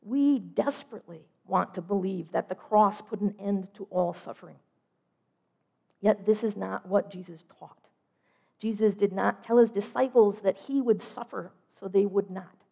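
A middle-aged woman giving a measured, reflective sermon, trailing off softly at the ends of phrases. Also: mid-range voice, gravelly. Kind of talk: sermon storytelling.

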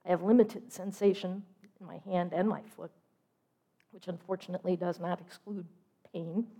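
A middle-aged woman giving a measured, reflective sermon, trailing off softly at the ends of phrases. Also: fairly low pitch, fairly even intonation. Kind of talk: sermon storytelling.

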